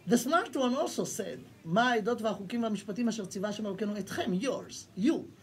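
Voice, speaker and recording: An animated male rabbi teaches a lesson, slipping into Hebrew quotations and acting out the lines of the people he discusses. A faint hum sits under the recording. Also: high voice, racing. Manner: animated, acts out the questioners' lines. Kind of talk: Torah lesson.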